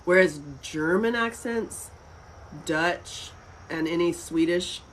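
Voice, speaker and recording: A woman's voice: on the low side, takes it slowly, a little hiss or hum, rough recording. A woman from North Carolina with a Southern accent, chatting casually and rambling on a livestream. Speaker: livestream host.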